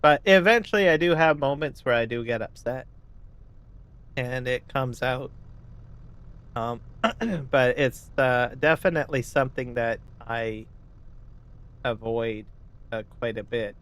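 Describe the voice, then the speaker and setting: Man, gaming streamer, loose rambling chat with lots of "right?" and throat clearing, mid-pitched everyday voice. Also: measured pace, pauses often, fairly bright tone. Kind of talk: casual live-stream chat.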